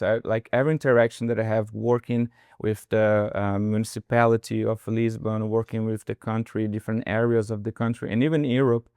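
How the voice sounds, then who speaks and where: A man's voice: medium pitch, a little mellow, clear, resonant tone, dry recording, studio quality. Brazilian man in his thirties, second-language English, earnest podcast co-host, restarts often. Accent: Brazilian Portuguese. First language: Portuguese. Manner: earnest, searching for words, frequent restarts. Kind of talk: casual conversation.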